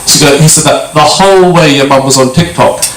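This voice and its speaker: A man's voice: fairly high pitch, a little fast, a bit bright. British man giving a casual sermon. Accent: British English. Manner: conversational, frequent restarts and throat clearing. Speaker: speaker giving a talk at a gurdwara. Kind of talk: informal sermon. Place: large prayer hall. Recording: echoey hall, distant mic, faint hiss.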